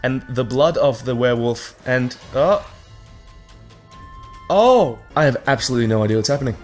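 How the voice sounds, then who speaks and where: Brief: male gameplay commentator, sarcastic and excitable, big pitch swings, light music bed. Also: brisk. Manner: sarcastic, swearing, animated reactions to the game. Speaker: let's play host.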